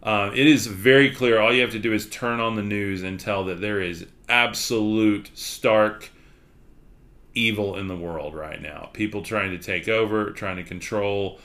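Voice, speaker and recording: A podcast host with a Texas accent talks on a livestream at a measured pace, his lowish voice fairly bright and fairly even in intonation. He rambles candidly, using plenty of fillers along the way.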